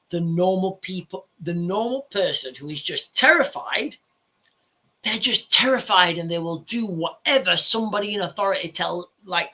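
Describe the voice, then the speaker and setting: A man's voice: on the high side, a bit bright. A man rambling casually to his viewers, often restarting his sentences. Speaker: vlogger. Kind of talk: casual chat to camera.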